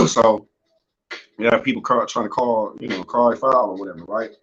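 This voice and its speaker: This young man hosts a loose, profane, rambling podcast from home, his medium-pitched voice bright and forceful with big pitch swings and a slightly slow pace. It's unedited, recorded on an earphone headset with dull lo-fi sound.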